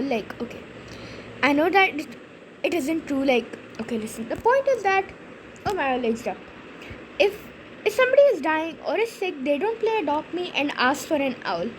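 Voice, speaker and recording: Young girl telling a game story, high voice, lots of ums and likes, faint hum behind. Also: big pitch swings, normal speed, poor audio. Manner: chatty, rambling storytelling with many fillers. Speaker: gaming channel host. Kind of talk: casual gameplay commentary.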